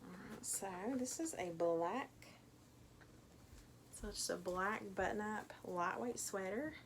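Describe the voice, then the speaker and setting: A woman's voice: medium pitch, lively intonation, takes it slowly, slight background noise. A middle-aged woman with a Tennessee accent, chatting casually through an unboxing vlog at home, rambling with lots of ums. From Tennessee, USA. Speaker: thrift reseller vlogger.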